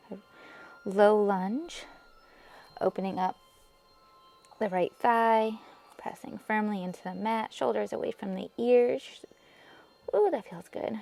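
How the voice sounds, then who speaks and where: Gravelly-voiced woman guiding a yoga class. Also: mid-range voice. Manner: calm, encouraging cues, breathy asides. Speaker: yoga instructor. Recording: music playing faintly behind.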